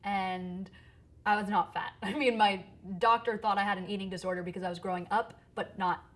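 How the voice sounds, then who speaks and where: A woman's voice: mid-range voice, a little fast. Chatty, laughing woman singer. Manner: chatty and lively, laughs often. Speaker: singer-songwriter and guest. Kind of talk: casual interview chat. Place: theater stage.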